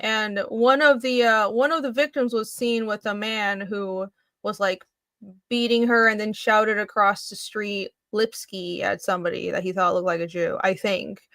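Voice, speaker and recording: A woman co-hosting a casual podcast chat, talking in animated bursts with quick asides and laughs. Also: medium pitch, no echo. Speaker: podcast co-host.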